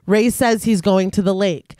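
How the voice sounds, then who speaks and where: A woman co-hosts a podcast in a casual manner and retells a film's plot scene by scene. She often slips into laughter as she goes. Her voice sits at a middle pitch, in a dry room with no echo. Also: steady tone, moderate pace, a little mellow. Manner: breaks into laughter while recapping. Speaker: podcast co-host. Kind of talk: casual chat and film plot recap.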